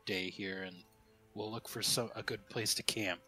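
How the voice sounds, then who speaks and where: Low, forceful-voiced easygoing man. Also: steady tone, normal speed, faint music behind. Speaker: player. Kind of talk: casual tabletop game chat.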